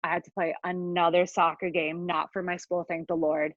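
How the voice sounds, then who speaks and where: A young adult woman telling a comic personal story over a video call, rambling with quick asides. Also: fairly low pitch, little pitch movement, no echo. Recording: dry, dull lo-fi video call audio.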